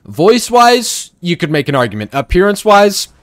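A man's voice: medium pitch, expressive, a little fast, dry recording. A young man giving casual, sarcastic gameplay commentary, joking and trash-talking his teammates. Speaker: gaming streamer.

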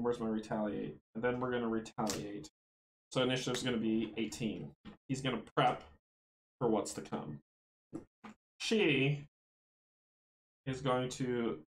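A man's voice: medium pitch, measured pace, pauses often, reverberant, a little hiss or hum, poor audio. A man playing a tabletop board game solo, thinking aloud, counting out moves and chuckling often.

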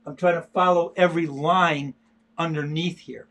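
A man's voice: on the high side, fairly even intonation, normal speed, a bit bright. An older man, an artist, chatting casually during a livestream as he sketches, talking in a stop-start way with many repeated words. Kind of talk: casual livestream chat while drawing.

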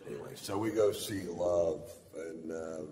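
A man performing a profane stand-up comedy routine, telling a drawling story and punching lines loudly. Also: sits low, fairly even intonation, a little slow, a crowd in the background. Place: large theater stage. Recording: large theater with long reverb and audience noise.

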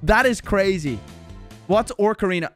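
An Irish gaming YouTuber with a high voice speaks at a normal speed, ranting and swearing as he reacts to viewers' opinions. He sounds exasperated and animated, and faint music plays behind him.

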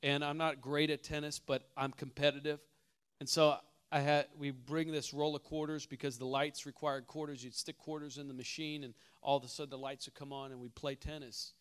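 A man preaches at a church conference with a bright, forceful voice that sits a little high for a man. He tells a story, drops to a hush, then climbs into loud, shouted declarations. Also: flat delivery, brisk, smooth. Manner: storytelling, swings from hushed to shouting. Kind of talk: sermon.

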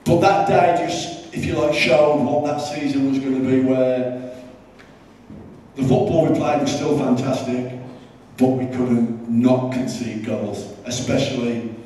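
A man's voice: mid-range voice, fairly even intonation, a little slow, darkish tone, slight background noise. A man, a former football manager, telling dry, understated anecdotes on stage at a live podcast. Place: live event venue. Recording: roomy live hall from far off.

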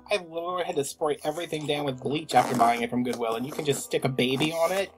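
A man vlogging at home while wrapping presents, telling a story in an animated, rambling, gossipy way. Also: a little high, quick pace, faint music behind, poor audio. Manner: animated, gossipy, self-interrupting.

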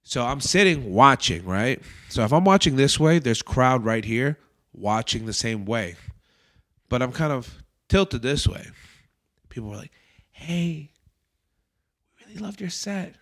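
A man's voice: mid-range voice, unhurried. Profane storytelling comedian, a man. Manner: profane, animated anecdote-telling with acted-out quotes. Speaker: comedian host. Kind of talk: casual podcast storytelling.

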